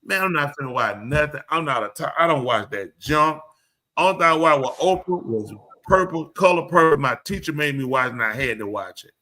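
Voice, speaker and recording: Animated man with a drawl. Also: a little high, fairly quick. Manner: animated, emphatic storyteller. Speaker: show host. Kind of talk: live show casual talk.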